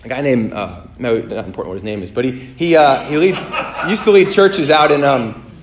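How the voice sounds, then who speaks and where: A man preaching on a podcast, telling stories with lively acted-out voices and many fillers. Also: moderate pace, echoey room. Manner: animated storytelling, acts out voices with big pitch jumps. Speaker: pastor. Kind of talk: sermon on a podcast.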